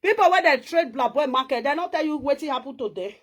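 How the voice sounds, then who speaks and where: Woman, Nigerian Pidgin accent, high voice, boastful and chatty vlogger. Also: lively intonation, fast, fairly bright tone. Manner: boastful, chatty, laughs often. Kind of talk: casual home-tour live video chat.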